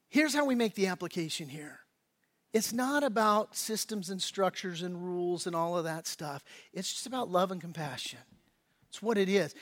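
A male pastor giving a sermon in a relaxed, conversational style, full of slang and acted-out quotes. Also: high voice. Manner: casual, conversational preaching with slang and quoted voices.

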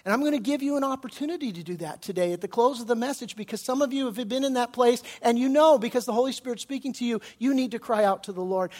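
A man's voice: very high-pitched, fast talker, few pauses. Impassioned male pastor preaching a sermon. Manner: impassioned preaching, rising to loud pleading when quoting scripture and prayer.

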